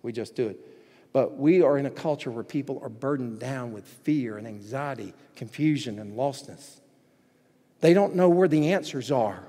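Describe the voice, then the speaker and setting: Husky-voiced pastor preaching in an echoey church. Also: male voice, fairly high pitch. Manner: dynamic, swinging from hushed to loud and excited. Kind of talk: sermon. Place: church sanctuary. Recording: echoey hall reverb.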